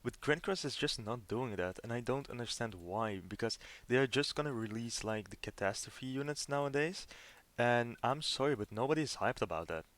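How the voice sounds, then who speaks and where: A man's voice: mid-range voice, lively intonation, moderate pace, a bit bright, no room sound. A young man rambling in a casual gaming commentary, an earnest and disappointed fan who keeps asking "right?" and often restarts his sentences. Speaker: gaming video host.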